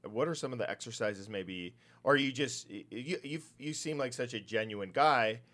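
A man hosting an interview, asking rambling, halting questions filled with fillers. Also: mid-range voice, fairly bright tone. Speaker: podcast host.

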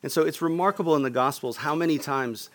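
A man's voice: on the high side, quick pace, fairly bright tone. A man preaching a sermon as a pastor, earnest, often asking the room for a response.

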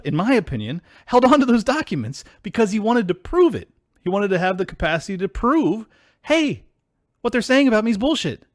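A man hosting a solo political podcast, ranting in a heated, profane, combative way that breaks into yelling. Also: sits high, no echo, clean studio sound. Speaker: podcast host.

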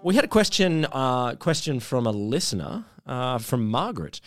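A man's voice: medium pitch, sing-song, moderate pace. A man hosting a podcast, joking and hesitant with lots of fillers. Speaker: podcast host. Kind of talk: casual political chat.

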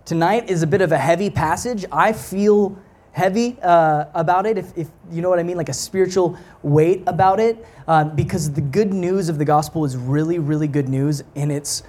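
A young man and guest preacher giving a sermon in a casual, conversational way, with many fillers and restarts, turning soft and low when he prays. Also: moderate pace. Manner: drops soft and low in prayer. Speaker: pastoral apprentice, guest preacher.

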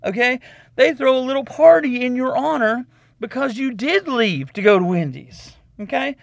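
A man's voice: very high-pitched, expressive, creaky, no room sound, clean studio sound. A man hosting a podcast, giving a comic advice monologue in which he calls himself "the Doc" and lectures with lots of repetition. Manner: repeats himself, drawn-out emphasis. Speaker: podcast host.

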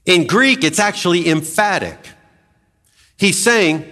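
A man preaching a sermon as a pastor, emphatic and animated, with dramatic swings in pitch. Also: measured pace. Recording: long hall reverb.

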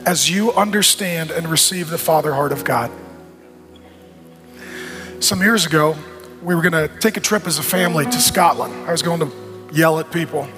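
A middle-aged male pastor giving a sermon, preaching emphatically in repeated rhythmic phrases, rising to shouts and dropping to soft, intimate tones. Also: on the high side. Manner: rises to shouts at peaks, drops soft and intimate.

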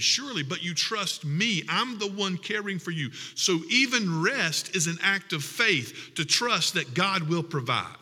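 A man's voice: on the high side, pushed and bright, big-room sound. A man preaching a sermon as pastor, reading scripture and building to emphatic, humorous appeals. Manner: preaching with rising emphatic passages and humorous asides.

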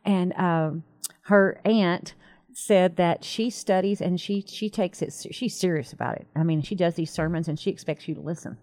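Animated woman telling a faith story. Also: lowish voice, normal speed. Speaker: Christian talk show co-host. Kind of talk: conversational faith talk.

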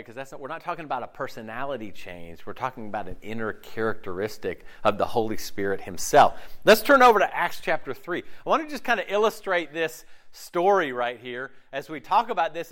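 Preaching in a chatty, conversational style, this pastor often turns questions on his audience and dramatizes the voices in their heads. His voice is a little high, with a fairly bright tone.

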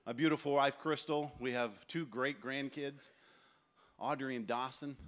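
A man in his forties preaching a sermon at a festival, telling stories with animated acted-out voices. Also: medium pitch, normal speed. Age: 40s. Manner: animated storytelling, acts out voices. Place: large tent festival gathering.

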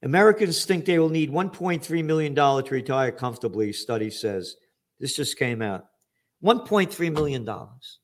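A man's voice: mid-range voice, lively intonation, moderate pace. An older man hosting an angry, profane commentary monologue, ranting sarcastically about the economy. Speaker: trend forecaster host.

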